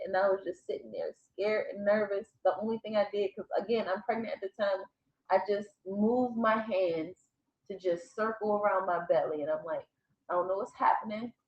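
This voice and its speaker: An echoey room and slightly dull audio frame a woman vlogger sharing a personal story to camera. Her voice is mid-range and her pace normal. She curses freely and keeps breaking into laughter as she animatedly retells it.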